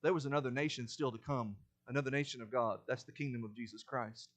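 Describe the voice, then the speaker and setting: A man preaching a sermon in a church, building to loud, urgent warnings and dropping back to a quiet explanatory tone. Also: fairly quick, few pauses. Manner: emphatic, rises in pitch and volume to stress warnings. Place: church sanctuary.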